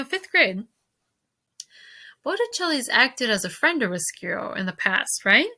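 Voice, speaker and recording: A woman teacher reading a novel aloud to her class, expressive, pausing to ask questions. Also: on the high side.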